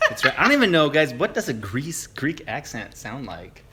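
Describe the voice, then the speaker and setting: A man's voice: mid-range voice, sing-song, normal speed, heavy background noise. A man, a father co-hosting a family livestream, chatting casually in a playful, teasing, self-mocking way. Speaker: father and channel co-host.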